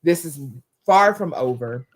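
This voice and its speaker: Animated woman co-host, casual chat. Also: sits low, unhurried, crowd noise. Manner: animated, breaks into loud excited yells when retelling.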